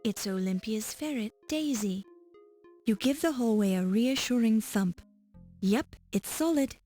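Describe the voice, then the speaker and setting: Slow-talking woman streamer. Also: fairly high pitch, animated, dark tone. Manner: unhurried, reads with stumbles and restarts. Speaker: game streamer. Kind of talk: playing a game and reading its text aloud. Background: faint game music.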